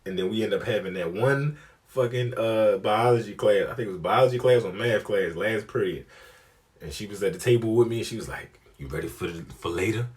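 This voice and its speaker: A young man telling a comic story, profane and animated, acting out the people he quotes. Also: fairly low pitch, brisk. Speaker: comedian. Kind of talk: storytelling comedy.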